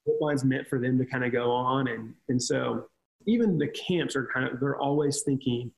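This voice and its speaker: A man's voice: medium pitch, normal speed, gravelly, low-quality recording. A man talking casually on a podcast, telling earnest stories about ministry with frequent restarts. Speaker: ministry leader.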